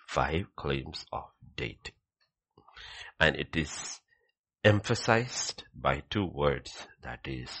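Deep gravelly preacher guy, sermon, keeps saying okay, goes loud then drops to a whisper. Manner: swings from loud emphatic bursts to hushed, whispered scripture reading; repeats key phrases, says "okay" often.

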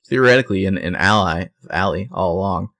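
A male podcast co-host recaps a TV episode scene by scene in casual chat, full of fillers and self-corrections. He sits low in pitch, talks at a quick pace, and has a fairly bright tone.

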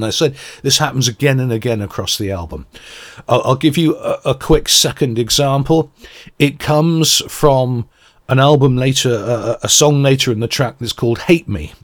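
A man giving a reflective, earnest radio album review and searching for words as he goes. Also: mid-range voice. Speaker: music reviewer.

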